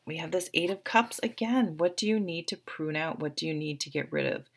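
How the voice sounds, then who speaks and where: This is a casual tarot reading to camera by a woman with a low voice who talks briskly. She is chatty and encouraging, scattering many fillers as she addresses her viewers.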